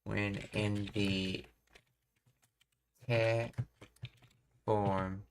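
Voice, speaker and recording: Guy streaming while studying, low-ish voice, super slow, stops and starts a lot, keys clacking. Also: little pitch movement, a little hiss or hum. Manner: slow, halting, pausing to read and puzzle things out. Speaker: language learning streamer. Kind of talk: thinking aloud while studying Japanese grammar.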